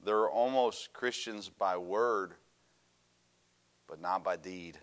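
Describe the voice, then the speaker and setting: Middle-aged guy preaching, lowish voice, gets loud then drops way down, tells stories and laughs. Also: slow. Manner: animated, storytelling with laughs, swings from loud to quiet. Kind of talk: sermon.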